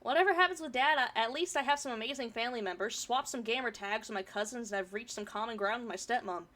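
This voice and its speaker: A woman's voice: on the high side, fast, a bit bright. A woman streamer reading a forum story aloud and chatting about it, swearing casually, her throat a bit irritated from pollen.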